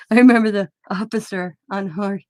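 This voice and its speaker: Her voice is medium-pitched, a little mellow, and steady in tone, at a normal speed. A middle-aged craft vlogger, she chats casually while crafting, rambling through a personal story, laughing and often correcting herself mid-sentence. The audio has no echo and studio quality.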